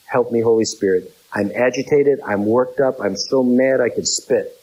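A man's voice: normal speed, warm tone, dull audio. A middle-aged man preaching a sermon, laying out numbered points and repeating key phrases for emphasis. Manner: acts out quoted voices in a high pitch.

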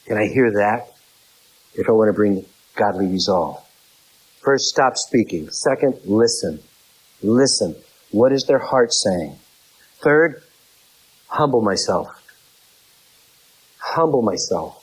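A man's voice: animated, takes it slowly, long pauses, slightly rough, rough recording. A middle-aged man preaching a sermon, laying out numbered points and repeating key phrases for emphasis. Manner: acts out quoted voices in a high pitch.

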